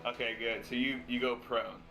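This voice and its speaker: A man's voice: medium pitch, fairly even intonation, moderate pace, gravelly, pushed and bright, faint music behind. A man playing in a live-streamed tabletop game, laying out his character's moves matter-of-factly.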